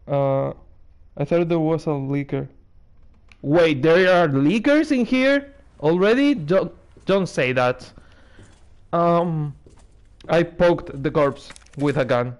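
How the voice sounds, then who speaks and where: In his let's-play of a horror game, a streamer jokes sarcastically and sounds on edge, breaking into swearing and laughter when something frightens him. His male voice sits on the high side and has a slightly mellow quality.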